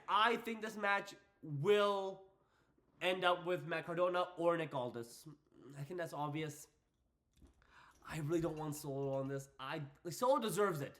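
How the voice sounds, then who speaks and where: A young man hosting a casual wrestling predictions vlog, excitable and hyping things up with repeated phrases. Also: high-pitched. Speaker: wrestling channel host.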